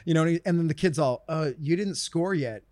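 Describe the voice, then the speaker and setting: A man's voice: a little high, brisk, dry recording, clean studio sound. A man telling a funny story in casual chat, acting out the people in it. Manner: animated storyteller, acts out quotes. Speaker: podcast co-host.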